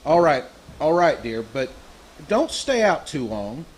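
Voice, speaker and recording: A man's voice: on the high side, sing-song, measured pace, slight background noise. Man playing a patient, soothing dad. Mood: easygoing. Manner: soothing, gently dismissive. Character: mild, patient middle-aged father. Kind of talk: live old-time radio drama.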